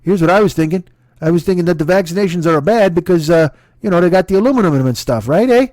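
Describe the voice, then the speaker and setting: A man doing a loud folksy Canadian guy. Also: sits high, lively intonation, quick pace, no room sound. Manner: loud, folksy, tag questions. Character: folksy male Canadian conspiracy believer.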